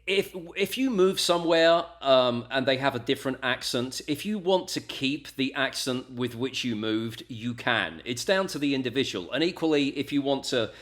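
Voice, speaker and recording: A man from Essex with an English accent, a radio presenter chatting casually as an interview guest, animated and full of quick asides. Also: medium pitch. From England (Essex). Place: home in the US, remote call.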